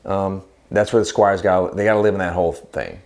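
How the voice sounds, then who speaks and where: Um homem apresentando um vídeo de demonstração de guitarras numa loja, falando em tom de brincadeira e cheio de piadas rápidas. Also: male voice, low-pitched, fairly even intonation, darkish tone. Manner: goofy, jokey, quick asides. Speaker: guitar shop video host. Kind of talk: joking banter in a gear demo.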